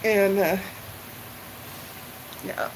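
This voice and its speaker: A woman's voice: medium pitch, fairly even intonation, drawn-out words, background noise. An older woman chatting live with her viewers, emotional and tearful as she gushes her thanks. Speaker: livestream vlogger. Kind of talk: casual live chat with viewers.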